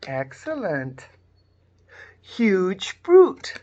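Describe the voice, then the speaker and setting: Lady teacher doing phonics w little kids, slow drawn out sounds, kinda muffled recording. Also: on the low side, big pitch swings. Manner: sing-song, exaggerated sound modelling. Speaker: primary school teacher. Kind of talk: phonics lesson for young children.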